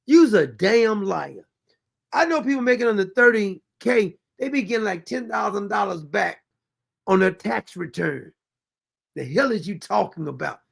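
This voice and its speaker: A high-pitched man with a gravelly rasp hosts a reaction commentary. He mocks and rants at the clips he plays in an exasperated, sarcastic way. He also reads viewer comments aloud. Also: normal speed, a bit bright. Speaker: commentary show host.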